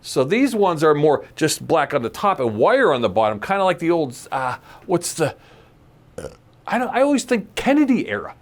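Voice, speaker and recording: A man's voice: fairly high pitch, very animated, normal speed. A man hosting a podcast in casual chat, jokey and rambling, laughing often. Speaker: podcast host.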